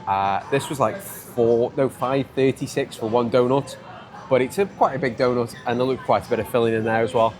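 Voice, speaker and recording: Out on city streets, a Stoke-on-Trent man from England keeps his travel vlog chatty and jokey, laughing a lot. He talks fairly quickly in a steady, mid-range voice with a darkish tone.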